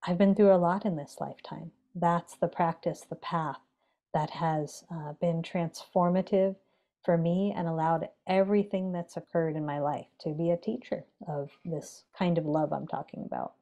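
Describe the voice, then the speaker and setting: This meditation teacher, a woman with a fairly low pitch and fairly even intonation, is on a podcast as a guest. She speaks in a measured, gentle, reflective way, pausing and using fillers.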